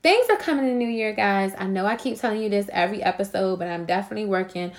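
A woman's voice: mid-range voice, fast. A young adult woman hosting a podcast, ranting in a casual, profane monologue and repeating catchphrases for emphasis. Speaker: podcast host.

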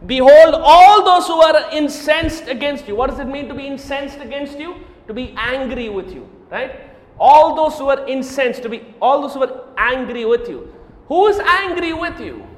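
A man preaching a sermon, swinging from loud, emphatic declarations to quiet, low asides and repeating Scripture phrases for emphasis. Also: expressive, moderate pace. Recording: echoey hall, roomy reverb.

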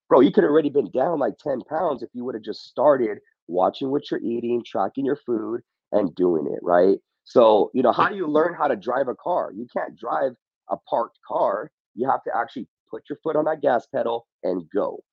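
A man's voice: mid-range voice, creaky, breathy edge, dry recording, dull audio. A man speaking as a podcast guest in casual motivational talk, often saying "bro" and "you know what I mean".

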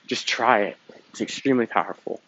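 A man's voice: medium pitch, brisk, fairly bright tone. A young man hosting a podcast, talking in a casual, emphatic, motivational way with some swearing. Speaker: podcast host. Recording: dull lo-fi sound with faint noise.

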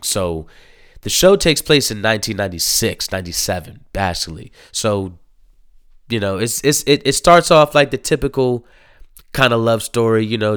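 Man reviewing a TV show, casual, rambling, swearing, lots of fillers, smooth resonant voice. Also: on the low side, a bit bright, no echo, clean studio sound. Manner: rambling, profane, heavy with fillers.

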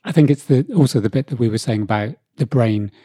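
Man, podcast co-host, mellow husky voice, dry close sound. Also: mid-range voice, fast, no room sound. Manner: jokey, easygoing. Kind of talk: casual chat.

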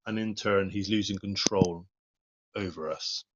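A man's voice: low voice, measured pace, fairly bright tone, slight background noise. Earnest man preaching, lo-fi. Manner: earnest, plain-spoken, reads verses then comments. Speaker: lay preacher. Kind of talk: informal devotional talk.

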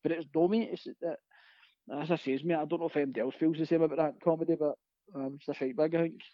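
A Scottish stand-up comedian telling rapid, sweary, laughing stories in a casual chat. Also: male voice, fairly high pitch, steady tone, no echo, muffled recording.

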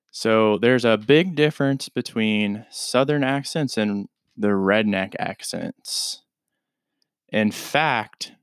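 A man hosts a casual podcast that teaches English, explaining things in an informal, easygoing way. His voice sits a little low, and the recording is dry and close with no room sound. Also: smooth, no echo. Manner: laid-back, chatty, informal explanations.

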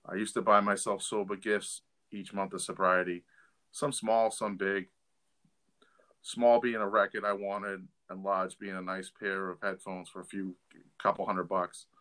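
A man's voice: sits low, flat delivery, a little slow, a bit bright. A middle-aged man and father co-hosting a recovery podcast, telling candid stories in a blunt, casual way. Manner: candid, blunt storytelling with fillers and restarts. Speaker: podcast co-host.

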